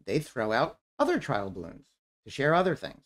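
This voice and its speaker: Man, blunt, critical, public comment, lively up-and-down pitch, repeats himself. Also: moderate pace. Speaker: resident commenter. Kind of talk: public comment at a town forum.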